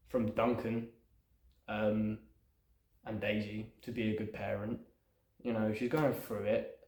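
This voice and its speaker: A man's voice: mid-range voice, a little mellow, roomy sound. Rambling man talking through his script. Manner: rambling, thinks aloud with many fillers. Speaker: aspiring screenwriter. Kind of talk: casual script breakdown.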